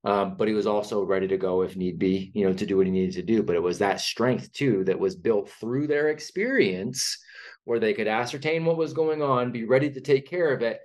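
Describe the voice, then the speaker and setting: A man hosting a podcast, telling anecdotes in animated casual chat. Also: lowish voice, a little fast. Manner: animated storytelling. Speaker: podcast host.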